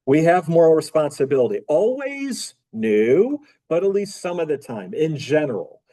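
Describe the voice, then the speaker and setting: A man's voice: a little high, very animated, normal speed, warm tone, rough recording. A man teaching a philosophy class in a casual lecture style, asking the students rhetorical questions and repeating his key phrases. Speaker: philosophy professor.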